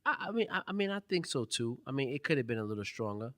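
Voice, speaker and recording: A man co-hosting a casual podcast chat, animated and teasing, dropping into low emphatic tones to make his point. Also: quick pace, no room sound, clean studio sound. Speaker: podcast co-host.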